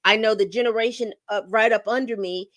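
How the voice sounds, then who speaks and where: A woman's voice: fairly high pitch, steady tone, fairly quick, fairly bright tone, no room sound, studio quality. A middle-aged woman hosting a casual livestream, rambling and reading chat comments aloud. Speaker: livestream host.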